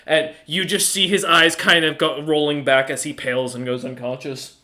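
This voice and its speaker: Game master guy, bright and kinda high voice, rambly casual narration with lots of uhs. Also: flat delivery, normal speed. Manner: casual, hesitant, lots of fillers.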